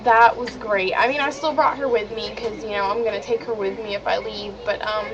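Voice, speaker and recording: A teenage girl vlogs to the camera, telling a story in a steady, mid-range voice at a fairly quick pace, chatty, indignant and full of "like" fillers. A crowd can be heard behind her, and the webcam audio is dull and lo-fi with clear hiss.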